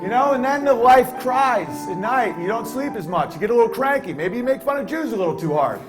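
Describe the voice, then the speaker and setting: A man's voice: extremely high pitch, lively intonation, fairly quick, over music. A man playing a brash male stand-up comic who rambles provocatively and laughs through his lines. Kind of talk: stand-up comedy bit.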